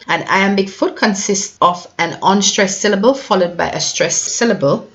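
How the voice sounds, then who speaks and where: Measured woman teaching a poetry lesson. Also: on the low side, lo-fi sound. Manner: measured explanatory delivery with occasional hesitations.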